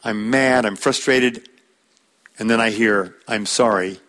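A man preaches a sermon at a middle pitch, talking plainly and conversationally, as if teaching. He slows down to press home key points and quotes scripture along the way. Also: fairly even intonation, sharp tone.

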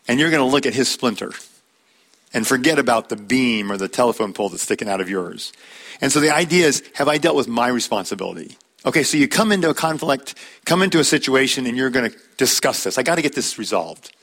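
A man's voice: medium pitch, expressive, quick pace, a bit bright. A middle-aged man leading a conversational Bible study, plain-spoken and folksy, telling personal stories and calling on listeners by name to read verses. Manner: folksy, tells personal anecdotes with light laughs.

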